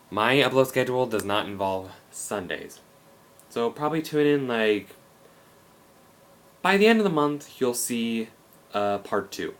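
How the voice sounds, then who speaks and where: A man's voice: fairly low pitch, slight background noise. A young man casually touring his bedroom gaming setup for a vlog, rambling with frequent restarts and self-corrections, filming with a handheld camera. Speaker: gaming YouTuber. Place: bedroom game room, indoors. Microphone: handheld camera, no tripod.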